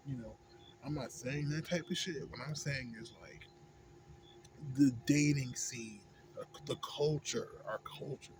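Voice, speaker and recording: A young American man vents in a loose, profane monologue, full of slang and "you know what I'm saying." His voice sits at an ordinary middle pitch and drops to a mumble, then rises in heated bursts. A steady hum of noise runs under the home recording. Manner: swings between mumbling low and loud heated outbursts. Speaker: vlogger. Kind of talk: casual profane rant. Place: indoors at home, smoking a pipe.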